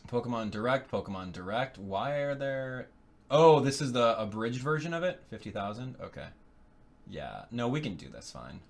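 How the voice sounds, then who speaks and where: A man hosting a casual video game reaction, joking and laughing often, with quick rambling asides and quieter mumbling while he browses. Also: very animated, gravelly. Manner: drops to low mumbling while clicking around. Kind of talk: casual live reaction commentary.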